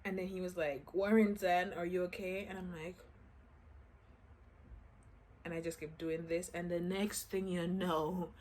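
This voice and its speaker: A woman's voice: fairly low pitch, flat delivery, unhurried, long pauses, darkish tone. A woman casually telling a personal story to her vlog audience, acting out the quotes with lots of "I'm like" asides.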